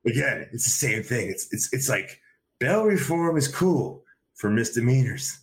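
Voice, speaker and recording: A man's voice: medium pitch, very animated, a little slow. Rambling man, casual podcast guest. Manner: rambling, many repeated fillers and restarts. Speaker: podcast guest, wrestling commentator. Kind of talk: casual conversation.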